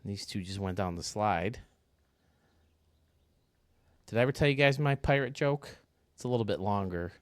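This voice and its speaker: A man's voice: on the low side, normal speed, pauses often, no room sound. A man giving casual, chatty gameplay commentary, talking to his viewers as he tours a built stadium. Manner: chatty, excitable, talks to viewers. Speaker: video game stadium reviewer.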